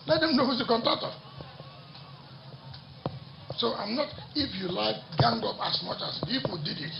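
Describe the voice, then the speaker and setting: A man speaks defiantly at a political rally, his voice high, rough and gravelly, and it swings up and down. He hammers his points home by repeating them. The sound is dull and echoey, as if it comes through a public address system, with faint noise behind it. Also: lively intonation, moderate pace. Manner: defiant, repeats lines for emphasis.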